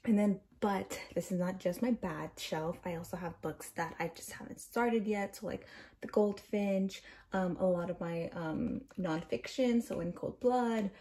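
A young woman in her twenties talks casually and rambles, dropping fillers as she goes. Her voice is mellow and soft rather than bright. She sounds a little out of breath. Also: medium pitch, unhurried. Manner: chatty, rambling, many fillers. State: slightly out of breath. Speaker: book vlogger. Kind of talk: casual bookshelf tour.

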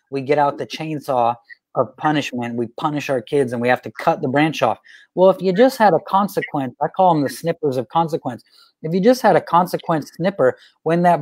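A man teaching about parenting in a conversational way, an animated storyteller who repeats phrases for emphasis. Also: fairly high pitch, no room sound. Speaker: guest speaker on parenting.

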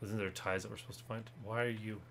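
A man playing a co-op game with a friend, chatting casually and yelping in high-pitched panic when things go wrong. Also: quick pace, noisy background. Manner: excitable, yelps high in panic.

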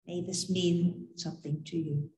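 A woman reading scripture aloud during a church service in a measured, solemn manner. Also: fairly low pitch, fairly even intonation, a little mellow. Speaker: scripture reader. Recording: echoey church sanctuary.

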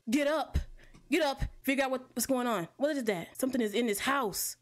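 A woman commenting on a horror game as she plays, chatty with viewers, jumping at scares and swearing loudly. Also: sits high, moderate pace. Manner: jumpy, loud reactions, frequent swearing. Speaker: gaming streamer.

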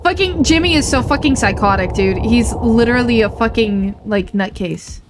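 A woman's voice: a little high, moderate pace, noisy background. A woman doing playthrough commentary on a game. She reacts emotionally and swears heavily. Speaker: gaming YouTuber.

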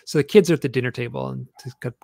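A man, a guest author, telling stories in an animated, rambling way with many restarts. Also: mid-range voice, racing, creaky, no echo, clean studio sound. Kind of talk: storytelling interview chat.

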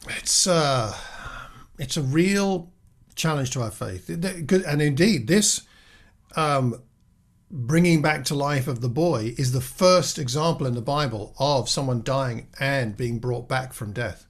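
A man's voice: medium pitch, unhurried. A man giving a reflective Bible teaching, talking earnestly with restarts and rhetorical questions. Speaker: preacher.

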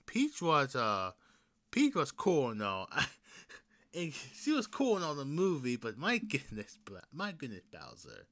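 Lively, bright-voiced young man rambling. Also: medium pitch, unhurried. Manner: rambling, laughing, swearing, with many restarts and sudden loud bursts; excited fan talk that drops to mutters and whispers. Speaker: podcast host. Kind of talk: casual solo podcast chat.

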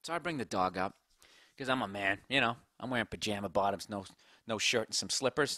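A man's voice: lowish voice, brisk, bright, forceful tone, no room sound, clean studio sound. A man hosting a podcast, rambling through a profane comedic story and talking to his dog. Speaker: podcast host. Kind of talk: casual comedic monologue.

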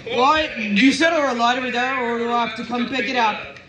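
A woman voicing a gentle young male dog with hiccups in a homemade puppet play, speaking in a slow, halting way. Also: a little high, a crowd in the background, close to an everyday voice.

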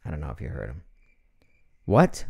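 A middle-aged man from Ohio hosting a casual live stream at home, chatty and animated, reading out viewer comments with frequent laughs. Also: extremely low pitch, normal speed, creaky, husky. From Ohio, USA.

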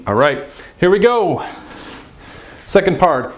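A young man in the middle of a whiteboard lesson speaks at an unhurried pace in a mid-range voice. He says words slowly and over and over, sweeping his pitch high and low to show each sound. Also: sing-song. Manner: demonstrates sounds with exaggerated pitch swings; patient, repeats words slowly. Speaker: language teacher.

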